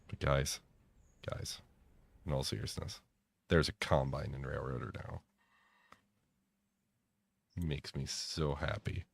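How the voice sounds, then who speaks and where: Deep-voiced man teasing his co-player. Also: fairly even intonation, slow, vocal fry, long pauses, husky. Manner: dry, teasing. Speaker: game player and co-host. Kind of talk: casual gameplay chat.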